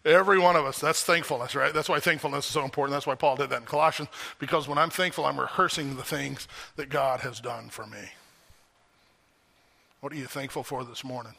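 Bright-voiced, emphatic preaching man. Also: medium pitch, a little fast, gravelly. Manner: animated, emphatic, full of rhetorical questions. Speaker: pastor. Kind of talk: sermon. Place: church service.

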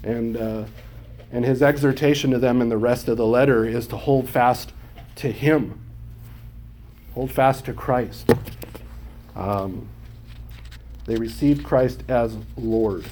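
A man's voice: medium pitch, measured pace, darkish tone, slight background noise. A man teaching a Bible class, explaining Greek words patiently and often checking whether his students follow. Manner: explanatory, checks understanding with questions.

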